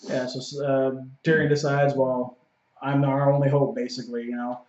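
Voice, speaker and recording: A man with a mid-range voice joins a relaxed recap of a show, often chiming in to agree before he retells a scene of his own. The recording is dull and lo-fi, in a room that echoes. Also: medium pitch, moderate pace. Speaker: show co-host. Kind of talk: casual TV recap chat.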